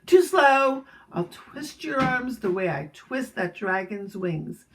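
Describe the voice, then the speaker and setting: A huge, fierce storybook gorilla, as a woman puts him on, barking loud and gruff like he owns the jungle. He bellows orders, always bossy and impatient, in a voice that fills the whole room. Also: lively intonation, takes it slowly, noisy background. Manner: loud booming gruff shouts.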